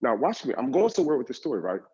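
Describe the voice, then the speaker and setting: A man giving a motivational keynote, telling an animated personal story and talking straight to the audience in a conversational way. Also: mid-range voice, racing, slightly rough. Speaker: motivational speaker. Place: event stage. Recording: dull lo-fi recording.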